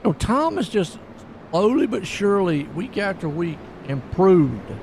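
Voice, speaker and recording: Excitable folksy man calling a sim race. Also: sits high, a little slow. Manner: folksy, excitable play-by-play with chatty asides. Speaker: sim racing commentator. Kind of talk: live race commentary. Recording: noisy stream with car engine sound.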